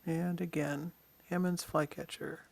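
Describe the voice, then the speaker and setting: A birding instructor giving a casual slide-show lesson on bird identification, pointing out features in photos and often pausing with ums and uhs. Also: medium pitch, level tone, vocal fry. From Western Washington.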